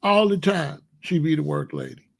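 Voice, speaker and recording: A man's voice: a little high, moderate pace, vocal fry, slightly rough. A middle-aged man from the United States talking in a blunt, emphatic casual monologue, often repeating himself. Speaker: commentary channel host.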